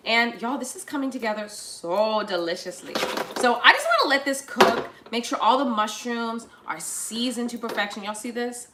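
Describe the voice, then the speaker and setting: A woman's voice: on the high side, very animated, moderate pace, very noisy. A woman hosting a live cooking show, chatty and playful, talking straight to her viewers while she cooks in a kitchen. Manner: bursts into improvised little songs. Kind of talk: live cooking demonstration, casual.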